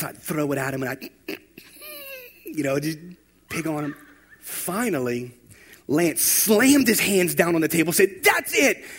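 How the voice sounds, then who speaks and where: A man preaching a sermon, telling stories and building to loud, emphatic exhortation. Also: fairly high pitch, husky. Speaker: pastor.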